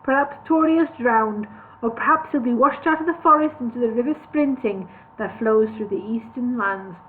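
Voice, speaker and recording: A woman's voice: on the high side, normal speed, slight background noise, lightly acted. A woman voicing a gloomy, hesitant male dwarf guide who talks warily and stumbles over his words. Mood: wary. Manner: hesitant, wary, with stammered restarts. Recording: tinny phone-like sound.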